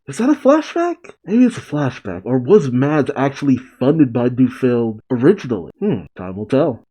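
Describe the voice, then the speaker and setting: A man's voice: mid-range voice, warm tone, low-quality recording. A man hosting a manga reaction, reading a comic chapter aloud with wry, musing asides.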